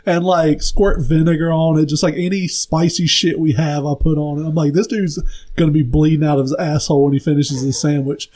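A man's voice: fairly high pitch, flat delivery, brisk, darkish tone, rough recording. A young man co-hosting a podcast, laid-back and profane, telling a story from an old job. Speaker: podcast co-host. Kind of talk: casual chat.

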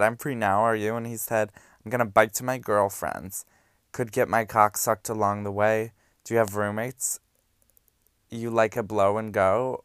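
A young man with a low, smooth voice hosts a candid podcast. He reads messages aloud in a low-key, deadpan way and drops sassy asides. The recording is close and dry. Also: dry recording. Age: young adult. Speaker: podcast host. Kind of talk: candid reading of hookup-app messages.

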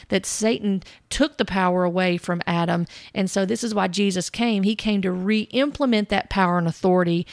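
A woman host giving measured, thoughtful commentary on church teaching, reading scripture passages aloud as she goes. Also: lowish voice, creaky, a little mellow, dry recording, studio quality. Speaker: podcast host.

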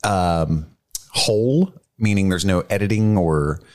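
A man with a very low, deep voice hosting a casual podcast chat. He rambles in a self-mocking way and laughs often as he talks. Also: takes it slowly, a little mellow. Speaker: podcast host.

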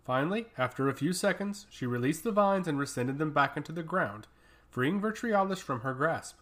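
Man, fantasy story narration, steady, dramatic, somewhat high pitch. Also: moderate pace.

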